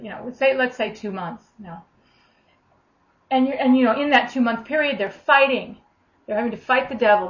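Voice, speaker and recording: Woman minister, higher voice, rambling conversational teaching, dull lo-fi recording. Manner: conversational, repetitive, many fillers and restarts. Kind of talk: informal teaching on faith healing.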